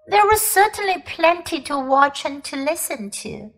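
A woman teacher, a native Chinese speaker, reading a storybook aloud in English slowly and expressively. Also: sits high, rough recording. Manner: slow, careful, expressive reading. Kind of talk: storybook read-aloud narration.

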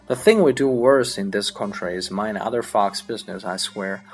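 A man whose first language is Chinese, reading a comic monologue aloud in English with a lively storytelling delivery. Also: on the low side, normal speed. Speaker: English learner practicing accents.

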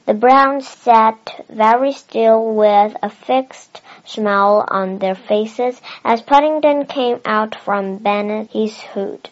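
A woman with a Chinese first language reading a children's novel aloud in a careful, expressive way. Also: a little high, takes it slowly, few pauses. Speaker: storybook reader. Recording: dull lo-fi recording.

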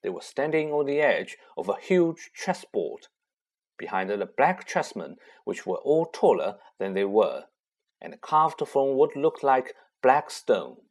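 A man narrating a children's story in an expressive, unhurried way. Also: medium pitch. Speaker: audiobook narrator.

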